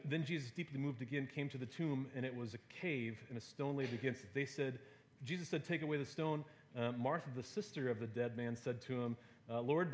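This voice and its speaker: Delivering a sermon to a gathered crowd, a man with a mid-range voice talks in an easygoing, conversational style, sprinkling in fillers and playful asides. Slight background noise can be heard.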